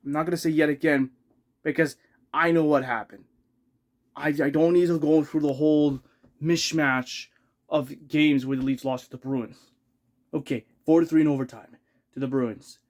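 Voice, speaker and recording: A man with a somewhat high voice rants like a heartbroken hockey fan. He circles back over the same complaints, swears freely and keeps flaring up into louder outbursts. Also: steady tone, moderate pace, pauses often. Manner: exasperated, repeats himself, swears, rising outbursts. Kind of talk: ranting fan vlog.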